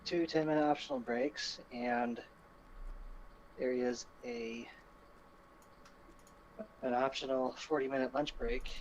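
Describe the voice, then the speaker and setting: A young man with a mid-range voice talks casually about his board exams and plans. He lays out his opinions in a measured, patient way. The line is noisy, with keyboard typing audible behind him. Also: medium pitch. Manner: measured, explains his views at length. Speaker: medical student after board exams. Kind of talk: casual chat.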